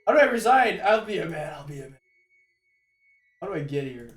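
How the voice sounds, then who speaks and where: Young Québécois French man, high-pitched and excitable, stammers through casual stream chat with quick laughs. Echoey room, faint music behind. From Quebec.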